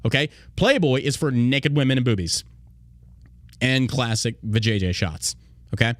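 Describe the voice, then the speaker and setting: A man's voice: mid-range voice, normal speed, dry recording. A man hosting a casual political podcast, ranting with profanity and sarcasm, mocking others in put-on quoting voices. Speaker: podcast host.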